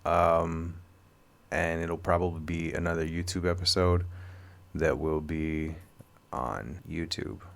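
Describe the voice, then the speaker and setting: A man hosting a podcast, closing the episode in a relaxed, unhurried way. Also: low voice, vocal fry. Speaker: podcast host. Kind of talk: casual episode wrap-up.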